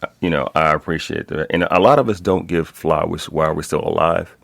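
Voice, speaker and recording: A man's voice: very deep voice, steady tone, a little fast, vocal fry, a bit bright, dry recording. A man from Brooklyn with a Brooklyn accent, hosting a casual podcast in a loose, slangy, hype style. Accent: Brooklyn New York. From Brooklyn, New York. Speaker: podcast host.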